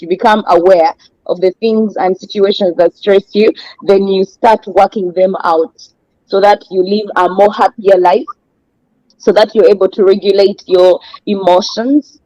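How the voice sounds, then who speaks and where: A woman with an East African accent, a life coach co-hosting a casual discussion, explaining by acting out other people in a higher voice. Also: moderate pace, mellow, no echo, low-quality recording.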